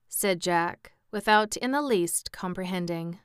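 Slow, smooth-voiced woman reading a storybook. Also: lowish voice, steady tone, no echo, clean studio sound. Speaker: audiobook reader. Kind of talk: storybook narration with amused asides.

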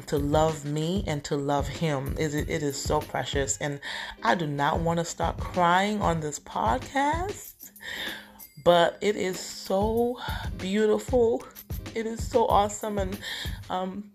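A woman's voice: sits low, creaky. A woman hosting a faith podcast, speaking in a heartfelt, emotional way that turns teary at times. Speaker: podcast host.

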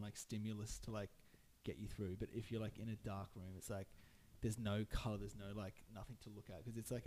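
A man's voice: fairly low pitch, dark tone, a little hiss or hum. A man hosting a podcast, rambling casually with constant filler words. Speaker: podcast host. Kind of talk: casual chat.

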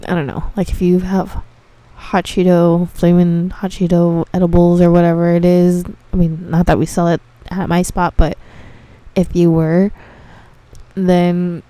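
A young woman who works as a dispensary receptionist tells casual stories about her customers, swearing freely, laughing, and sounding exasperated. Her voice is lowish and dark with a level tone, a little slow, and there's no room sound.

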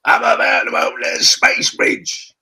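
A man voicing a brash male mercenary robot with a Cockney accent and a swaggering, booming delivery. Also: unhurried, pushed and bright. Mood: boastful.

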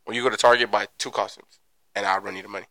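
Low, bright-toned man in his thirties. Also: steady tone, no echo, low-quality recording. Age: 30s. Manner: quick, teasing interjections, often low and quiet. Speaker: podcast co-host. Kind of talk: casual chat.

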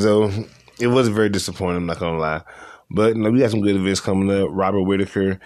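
A man's voice: low voice, steady tone, quick pace, darkish tone, dry recording, studio quality. A young man hosting a casual solo podcast, talking in a loose, slangy way and repeating himself as he goes over fights. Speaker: podcast host.

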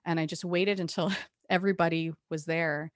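A woman on the lower side of the female range tells her story in a frank, animated way. She restarts phrases and swears now and then. Her close mic gives a very dry, tight sound. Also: moderate pace, no echo. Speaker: guest. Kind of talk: candid personal storytelling.

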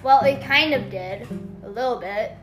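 A woman's voice: on the high side, normal speed, music in the background. A woman in a casual family devotional talk, rambling and acting out the voices she quotes. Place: home.

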